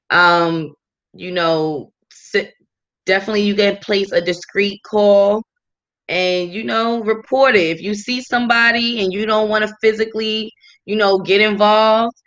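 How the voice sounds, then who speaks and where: A woman's voice: medium pitch, fairly bright tone. A woman co-hosting a podcast, sharing serious, caring advice in a casual way. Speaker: podcast co-host. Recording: slightly dull lo-fi sound.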